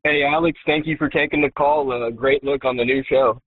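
An earnest male caller from Kentucky lays out his point, hesitating often with "uh"s. His voice is husky and of middling pitch. It comes through a thin, phone-like line. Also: steady tone, brisk. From Kentucky, United States.

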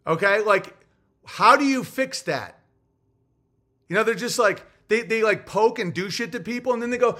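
Man, high voice, bright and sharp, profane rant, casual stream talk. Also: moderate pace. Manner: profane, ranting, swings from loud bursts to low muttering. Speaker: comedian streamer. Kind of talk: casual livestream monologue.

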